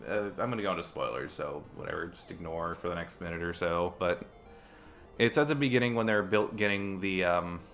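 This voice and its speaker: A low-voiced man with a creaky, gravelly tone chats casually while streaming a video game. He rambles along, often restarting his sentences, while faint game music plays behind him. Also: a little fast, fairly bright tone. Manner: rambling, chatty, with frequent restarts.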